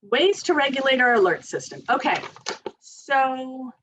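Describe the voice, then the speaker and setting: A woman's voice: sits high, animated, a little slow, noisy background. A woman occupational therapist giving a casual training talk to parents, chatty and laughing often. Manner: chatty, laughs often, leads group exercises with chanting. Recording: slightly dull lo-fi sound.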